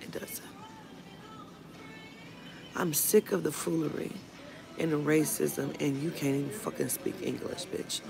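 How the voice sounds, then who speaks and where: A woman with a low, gravelly voice rants bluntly to camera, swearing freely as she retells a run-in. Music plays clearly beneath her. The tone is casual and petty. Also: steady tone, moderate pace. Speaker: vlogger. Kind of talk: casual storytime rant. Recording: music playing under the voice.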